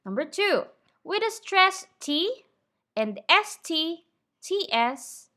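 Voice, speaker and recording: A woman teaching English pronunciation in a slow, clear lesson. She is patient, often checks in with "okay?" and drills words slowly and deliberately. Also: very high voice, sing-song, bright, forceful tone.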